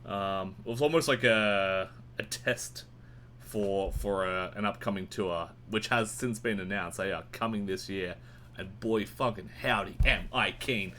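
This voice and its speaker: A man reviewing new albums in a casual, rambling and sweary way, with sudden jumps in pitch. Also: a little slow, sharp tone, slight background noise. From Australia. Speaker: music reviewer. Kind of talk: casual monthly album roundup.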